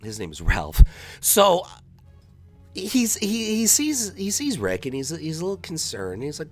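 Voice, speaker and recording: A man tells a long shaggy-dog joke over his gameplay, his pitch leaping around as he acts out each character in a louder, higher voice. Faint music plays underneath. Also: unhurried. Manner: animated storyteller acting out characters in raised voices. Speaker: gameplay commentator. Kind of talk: rambling joke storytelling.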